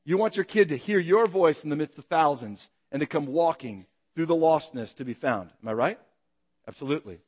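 High-voiced man preaching a lively sermon. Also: long reverb tail. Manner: dynamic, rhetorical questions, acts out shouted calls. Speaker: pastor.

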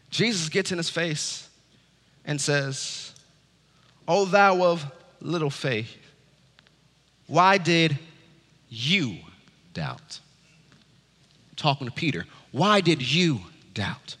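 A man preaching a sermon as pastor, swinging from loud urgent calls to low quiet asides. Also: long reverb tail. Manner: preaching with wide swings from loud high urging to low hush.

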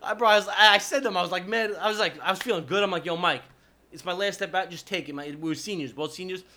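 A man's voice: sits high, quick pace. A man, a podcast co-host telling rowdy stories in casual chat, laughing and swearing often. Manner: laughing, swearing, animated storyteller.

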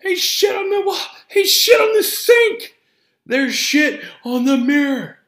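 Panicked screaming man in a very high, sharp voice, roomy echo. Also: very animated, slow, exaggerated voice. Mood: panicked shouting. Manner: frantic shouting. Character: panicked shrieking man over a mess.

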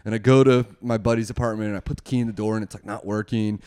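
A man's voice: on the low side, steady tone, rapid-fire, a little mellow, clear, resonant tone. A young man casually telling a wild story, rambling, swearing a lot and laughing often.

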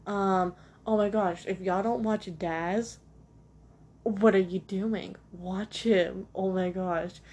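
Speaking slowly with a husky, darkish mid-range voice and fairly even intonation, a young woman chats alone on her podcast. She records at home beside a cat, rambling casually, poking fun at herself and using plenty of fillers.

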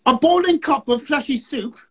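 A woman reading a dark poem aloud in an exaggerated, hammy mock British accent over a video call. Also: high voice, moderate pace, pitched above the performer's own voice, lightly acted. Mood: mock-dramatic. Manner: exaggerated, sing-song, hammy.

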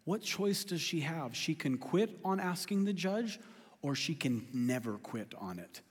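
High-voiced joking pastor. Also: male voice, measured pace, breathy edge. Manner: animated, joking, self-deprecating. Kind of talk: sermon. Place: church sanctuary. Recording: long hall reverb.

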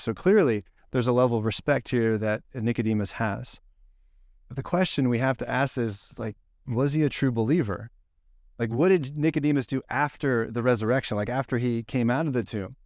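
A man preaching a casual, conversational sermon, telling the story with lively acted-out quotes. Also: medium pitch, dry recording, studio quality. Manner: animated storyteller, acts out quoted lines. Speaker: pastor.

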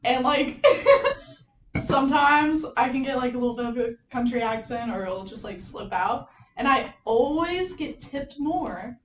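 A young woman from Kentucky chats in an animated way on a student podcast, her voice slightly raised in pitch. The room is echoey, with faint ambience behind her. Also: unhurried, a little hiss or hum. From Louisville, Kentucky. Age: young adult. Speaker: podcast co-host. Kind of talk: casual chat.

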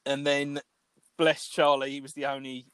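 A man's voice: mid-range voice, monotone, normal speed, a bit bright, clean tone. Sweary rambling man. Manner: rambling, sweary, lots of fillers and restarts. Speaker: podcast co-host. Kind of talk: casual storytelling chat.

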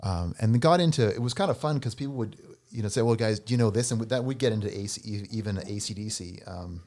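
A man co-hosting a casual podcast chat, telling anecdotes with lively delivery and acting out the people he quotes. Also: on the low side, fast. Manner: animated storyteller, acts out quoted voices. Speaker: podcast co-host and musician.

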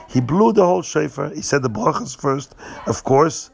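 A man telling a religious story to children, animated and repeating words for emphasis. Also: a little high, normal speed, vocal fry, breathy edge.

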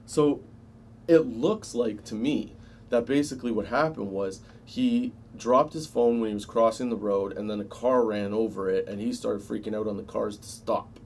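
A man's voice: on the low side, normal speed, a little mellow. Guy telling a wild work story, lots of swearing, keeps chuckling, faint background hum. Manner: profane, chuckling often. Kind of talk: casual personal anecdote.

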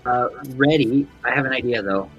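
A man plays a tabletop game with a bright, clear voice. He speaks eagerly and rambles with fillers, over faint music. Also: medium pitch, moderate pace, dull audio. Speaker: player. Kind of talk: tabletop role-play.

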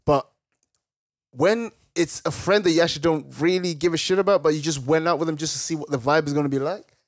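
A young man co-hosting a casual podcast chat, easygoing and quick to laugh and agree. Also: on the high side, steady tone, dry recording, studio quality. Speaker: podcast co-host.

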